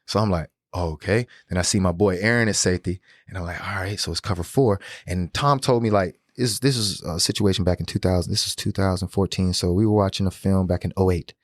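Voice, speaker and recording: A man in his thirties, a podcast guest, telling animated, slangy, profane stories in casual conversation. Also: low voice, quick pace, few pauses, dry recording, clean studio sound. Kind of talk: casual storytelling interview.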